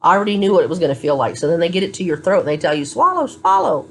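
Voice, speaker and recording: A woman's voice: low-pitched, very fast, a little hiss or hum. A tired woman vlogging from a hospital room, telling her story to a phone camera in a candid, blunt way. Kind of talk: casual chat to camera.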